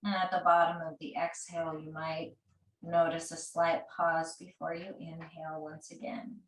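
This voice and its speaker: A woman teaching a guided restorative yoga class, giving gentle, soothing cues and counting breaths slowly. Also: low-pitched, flat delivery, distant mic. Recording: roomy echo, voice a bit off-mic.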